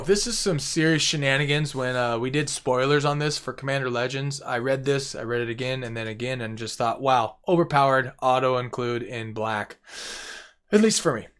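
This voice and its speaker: A man's voice: medium pitch, a bit bright. A man casually walking through a card game deck, playful and gleeful, often repeating words for effect.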